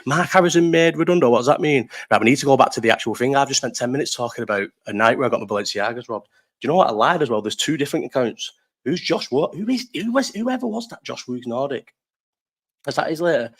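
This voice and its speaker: A man's voice: medium pitch, lively intonation, fast. A man in his thirties hosting a casual live chat, rambling through stories, swearing freely and laughing often. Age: 30s. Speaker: live stream host. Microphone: desk mic set too low.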